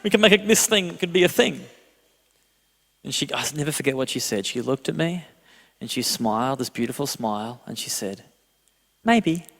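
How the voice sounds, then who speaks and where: A man in his thirties preaching a sermon as a pastor, telling a self-deprecating story with animated delivery and frequent laughter. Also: mid-range voice, brisk, vocal fry. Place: church hall. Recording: long hall reverb.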